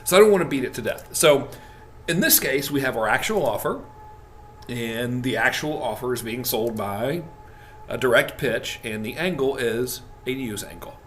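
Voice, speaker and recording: A man teaching a recorded marketing lesson in a casual, jokey, animated way. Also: medium pitch, normal speed, slight background noise. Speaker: marketing instructor.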